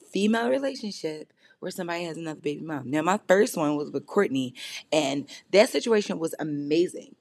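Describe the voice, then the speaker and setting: Blunt, rambling woman with a low voice. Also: dry recording. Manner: rambling, jumps from topic to topic; blunt and heavily profane. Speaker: podcast host. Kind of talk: casual confessional monologue.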